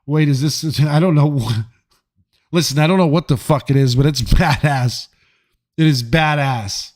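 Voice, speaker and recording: A man's voice: a little high, fairly even intonation, a little slow, darkish tone. Joking, profane streamer guy. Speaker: livestream host reading chat. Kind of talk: casual live-stream chat.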